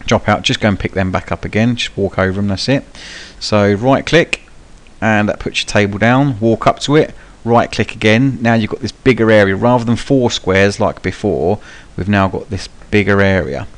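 A young man talks viewers through a game in a low, easygoing voice. His live commentary rambles, full of ums and restarts, with cheeky swearing thrown in. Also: moderate pace, hardly any pauses. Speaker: gaming channel host. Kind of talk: live gameplay tutorial commentary.

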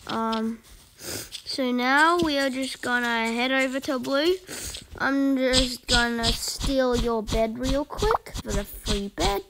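Woman, gaming host, chatty and excitable, higher voice, noisy recording with audible clicks. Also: takes it slowly. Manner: chatty and excitable, urging opponents on. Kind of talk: casual gameplay commentary.

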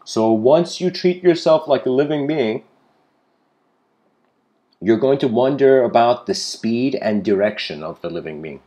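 A man's voice: mid-range voice, animated, a little slow, warm tone. A man giving an improvised spiritual lecture, rambling with frequent restarts and casual asides. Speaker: spiritual speaker.

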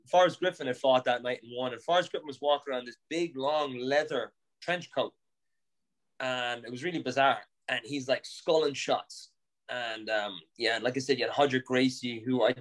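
An Irish man in his thirties tells a story on a podcast, mid-pitched and animated. He laughs easily and swears casually as he talks. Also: low-quality recording. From Ireland. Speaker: podcast guest, fighter. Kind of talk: casual chat, anecdotes.

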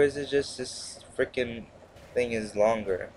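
A teen gamer talks over his gameplay in a mid-range, darkish voice, a little slowly. His commentary is casual and sarcastic, wandering and interrupting itself often.

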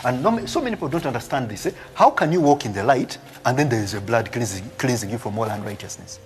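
A man's voice: mid-range voice, fast. A man preaching a live sermon as a prophet, reading scripture aloud and explaining it, often ending lines with "eh?" and laughing. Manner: animated preaching with frequent "eh?" tags and laughs.

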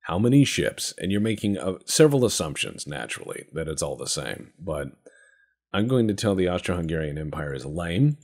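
A man's voice: sits low, very animated, fairly quick, gravelly, a little mellow, slightly rough. A man giving joking, profane, rambling commentary while playing a strategy game. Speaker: gameplay commentator. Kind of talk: let's-play commentary.

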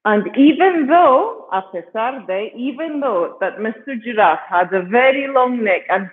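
British male storytelling teacher for kids, high voice, unhurried and patient, tinny video call sound. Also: lively intonation. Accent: British English. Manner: patient, repeats words and keeps checking with "okay?". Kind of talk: storytelling lesson for children.

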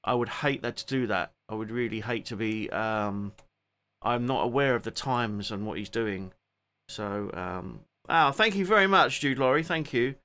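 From his home, a Cockney music streamer from England hosts an easygoing live stream sitting down, not performing. He speaks at a moderate pace in a bright, crisp mid-range voice, rambling chattily, trailing off and restarting, and welcoming and thanking viewers by name in turn.

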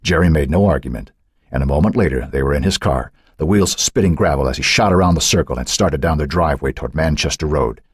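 A man narrating a thriller audiobook in an expressive, suspenseful reading. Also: very deep voice, fast, slightly rough, no echo, clean studio sound.

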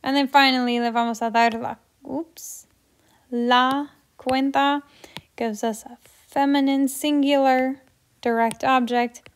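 A woman's voice: high voice, flat delivery, takes it slowly. A woman teaching Spanish grammar in a chatty, playful way, with little asides while she works through examples. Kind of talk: explaining grammar while writing on a board.

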